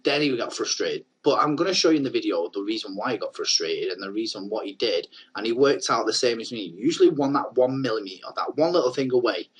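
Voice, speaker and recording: A man's voice: lowish voice, animated, fast, hardly any pauses, slightly rough, poor audio. A man coaching on network marketing in a casual talking-head video, chatty and earnest. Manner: chatty, earnest, rambling advice.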